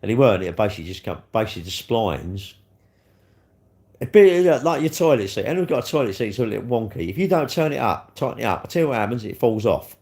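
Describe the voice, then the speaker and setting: A man's voice: lowish voice, sing-song, fast, darkish tone. A middle-aged man, rambling casually on a live stream, swearing freely and answering viewer comments. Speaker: livestreamer.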